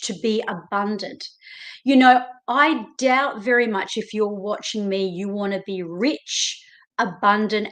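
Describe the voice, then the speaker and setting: Slow, emphatic Australian woman coach. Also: medium pitch. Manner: emphatic, animated, speaks directly to listener. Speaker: self-help coach. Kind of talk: motivational talk to camera.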